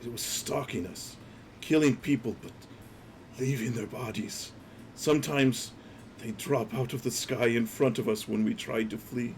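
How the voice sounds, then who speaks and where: A man voicing a dead traveler's spirit with a raspy voice, giving halting, grim testimony in a tabletop game. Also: medium pitch, steady tone, slight background noise, natural voice.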